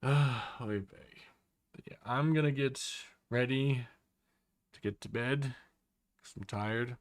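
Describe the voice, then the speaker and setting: A man's voice: medium pitch, slow, dry recording, studio quality. Rambling Australian man streaming. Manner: rambling, opinionated, many fillers. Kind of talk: casual live-stream chat.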